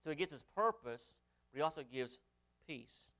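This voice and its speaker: A man's voice: fairly high pitch, lively intonation, moderate pace, a bit bright. A male pastor preaching a sermon, reading scripture aloud and putting rhetorical questions to his congregation. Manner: reads scripture aloud in old-fashioned wording.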